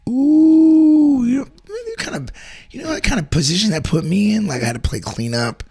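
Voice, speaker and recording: A man co-hosting a casual chat show, quick with reactions and exclamations. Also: fairly high pitch, wildly swooping pitch, creaky, breathy edge. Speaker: co-host.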